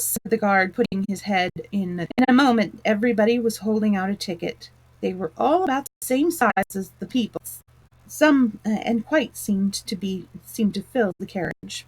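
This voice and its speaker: A woman reading a children's storybook aloud in a gentle, expressive way. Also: medium pitch, moderate pace, rough recording.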